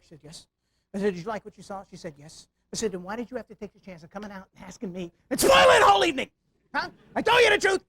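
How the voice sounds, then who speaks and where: A middle-aged man gives a humorous security talk to a room full of people, racing through his lines. He tells stories with lots of energy and keeps asking the crowd rhetorical questions. The sound is dry and close, with little room echo. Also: high-pitched. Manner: animated storytelling, rhetorical questions to audience. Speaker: security awareness speaker. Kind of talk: live lecture with humor. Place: meeting room before live audience.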